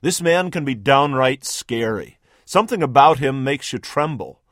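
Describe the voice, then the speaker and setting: A man's voice: medium pitch, animated, normal speed, a bit bright, no echo, clean studio sound. A man hosting a radio sermon, narrating a story vividly in the second person with emphatic, scripted delivery. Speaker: radio preacher, host.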